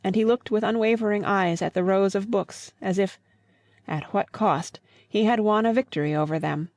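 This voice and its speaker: A woman narrating a classic novel as an audiobook in a calm, measured way. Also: mid-range voice, no echo, studio quality. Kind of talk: scripted narration.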